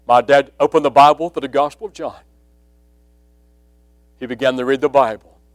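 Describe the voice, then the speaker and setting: A man preaching a sermon, telling a personal testimony and building from quiet storytelling to loud emphasis. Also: mid-range voice, fairly even intonation, normal speed, no echo.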